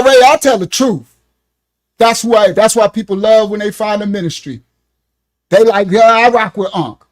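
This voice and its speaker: A man with a notably high voice teaches a loose, informal Bible lesson for his ministry. He preaches bluntly in slangy street talk and riffs on his points with lots of animation. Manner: animated, riffing delivery.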